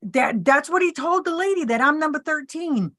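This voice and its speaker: A woman's voice: sits high, moderate pace, no echo, studio quality. A woman chatting casually, telling funny stories and acting out what people said, laughing along. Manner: animated storyteller, acts out quotes, laughs often. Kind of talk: casual storytelling chat.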